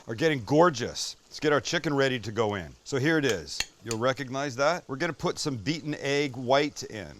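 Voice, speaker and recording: An excitable man hosts a casual cooking demonstration at a middling pitch. He chats to the viewer with loose asides and swears when something delights him. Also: a little hiss or hum. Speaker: cooking show host.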